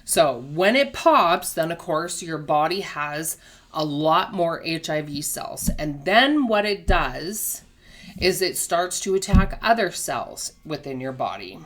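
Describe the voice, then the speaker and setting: Speaking slowly in a low voice with big swings in pitch, a woman gives a casual health lesson. She explains patiently using everyday comparisons, often checking in with "okay?", and she has the hiccups.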